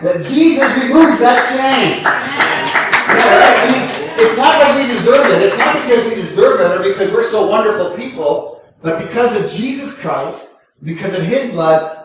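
An older man preaching a sermon in a relaxed, conversational way, often checking in with the congregation and chuckling. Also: high voice, a little hiss or hum. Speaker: pastor. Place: church sanctuary. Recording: echoey room, distant from the mic.

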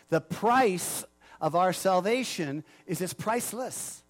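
Fairly high-voiced pastor preaching casually. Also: male voice, animated, slow pace. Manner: conversational, jokes with the congregation. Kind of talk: sermon.

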